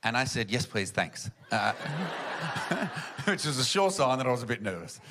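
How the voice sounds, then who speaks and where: A man's voice: medium pitch, sing-song, unhurried, noisy background. A man performing a rambling, self-deprecating stand-up comedy set on stage, with audience laughter around him. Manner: rambling, self-deprecating storytelling with many fillers.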